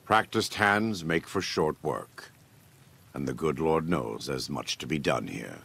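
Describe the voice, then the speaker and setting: An actor playing a stern, scripture-quoting warrior preacher in a video game, speaking slowly and solemnly with a gravelly, husky voice. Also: male voice, rumbling low, lively intonation, a bit bright, exaggerated voice. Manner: slow, measured, solemn delivery.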